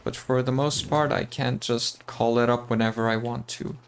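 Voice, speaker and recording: A man streams a game and chats with his audience, giving relaxed, talkative commentary. His voice is mid-range and gravelly with fairly even intonation at a normal speed, there's slight background noise, and his American-sounding accent was learned from TV.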